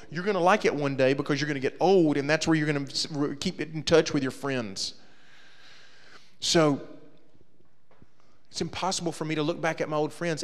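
A man telling a comedic story to a young audience, acting out his friends' voices and shouting the punchlines. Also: on the high side, long reverb tail.

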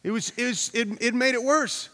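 A pastor with a very high-pitched, slightly bright voice preaches at a moderate pace in a big-sounding room. His sermon is conversational and story-driven, with repetition and questions directed at the congregation.

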